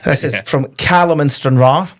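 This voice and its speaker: A Scottish man hosting a casual football podcast, telling jokes in a lively storytelling way. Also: on the high side, moderate pace. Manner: joke-telling, animated storytelling. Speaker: podcast host.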